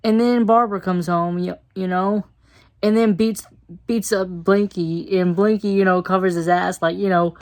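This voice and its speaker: A woman's voice: mid-range voice, fairly even intonation, normal speed, a little mellow. A woman giving a casual, chatty episode review. She uses lots of fillers and laughs now and then.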